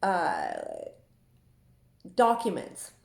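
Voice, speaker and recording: A woman's voice: fairly low pitch, wildly swooping pitch, extremely slow, vocal fry. A woman who runs an online group, talking in a chatty, confiding way with frequent laughs, from Saskatchewan in Canada. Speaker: Facebook group admin. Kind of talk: casual monologue. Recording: echoey room.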